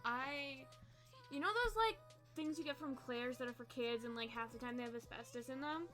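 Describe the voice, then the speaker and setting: A woman in her twenties chatting casually with her live chat as a streamer, swearing, laughing often and saying "like" a lot, with a quiet song playing behind her. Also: high voice, normal speed, faint music behind. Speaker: livestreamer. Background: quiet pop song playing.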